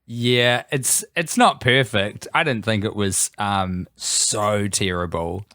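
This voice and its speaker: A man's voice: fairly low pitch, slow, sharp tone, no echo. A man co-hosting a podcast, chatting casually with wry, dry humour. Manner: wry, dryly joking. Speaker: podcast co-host. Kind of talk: casual chat.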